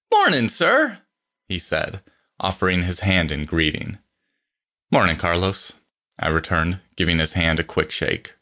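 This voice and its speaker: Male audiobook narrator, low voice, bright tone, lively, wry first-person reading.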